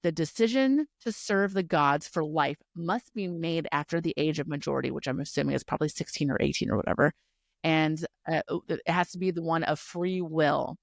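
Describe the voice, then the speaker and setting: A woman with a fairly low voice co-hosts a casual book-club podcast, retelling the story in an animated, swear-laced way. The recording is dry and close, with no room sound. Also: a little fast, gravelly, no echo. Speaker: podcast co-host.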